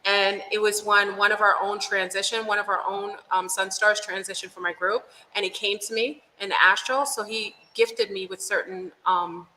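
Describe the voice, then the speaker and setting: A woman's voice: medium pitch, steady tone, moderate pace, hardly any pauses, bright, forceful tone, slight background noise. A woman guest in a casual spiritual chat, talking in an earnest, enthusiastic way. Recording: echoey room with long reverb.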